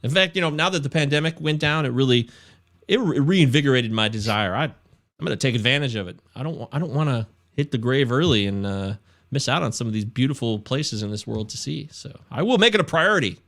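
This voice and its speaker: A man's voice: medium pitch, expressive, fast talker, a bit bright. A man hosting a casual podcast, chatty and self-deprecating, laughing often. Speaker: podcast host.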